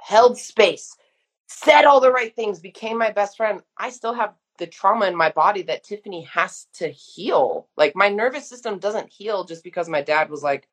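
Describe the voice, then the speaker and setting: A woman's voice: medium pitch, expressive, normal speed, husky. A woman in her thirties speaking frankly and emphatically as a guest in a casual conversation. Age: 30s. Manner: frank, emphatic, uses mild swearing. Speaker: guest therapist.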